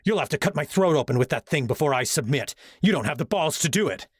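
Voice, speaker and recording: A sneering young warlock bully with a snarl in his voice, as a male narrator puts him on. His tone rides higher than the narrator's own and lands hard and scornful. The reading is close and dry. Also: lively intonation, fast talker, breathy edge, no room sound.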